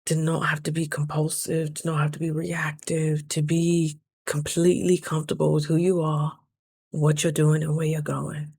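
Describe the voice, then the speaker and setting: A woman's voice: sits low, flat delivery, normal speed, vocal fry, a little mellow, slightly rough, no echo. A woman talking through a casual diary vlog, earnest and reflective, sometimes close to tears. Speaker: vlogger.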